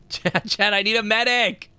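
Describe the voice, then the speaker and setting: A man's voice: high-pitched, fairly even intonation, slow pace, pushed and bright, smooth, no room sound, faint music behind. A man streaming a video game, chatting casually and swearing now and then. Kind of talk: casual gameplay chat.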